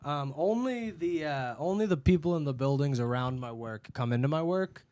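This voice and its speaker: A man's voice: on the high side, moderate pace, no echo. A man from Boston, a comedian and podcast co-host, telling casual stories from his café job and acting out the customers. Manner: animated storyteller acting out customers' voices. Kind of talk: casual chat, storytelling.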